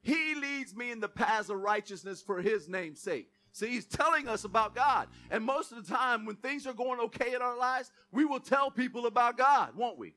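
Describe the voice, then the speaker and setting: High-voiced bright male preacher. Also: expressive, normal speed, hardly any pauses. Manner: call-and-response preaching with asides and jokes; repeats key words with emphasis. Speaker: pastor. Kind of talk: sermon.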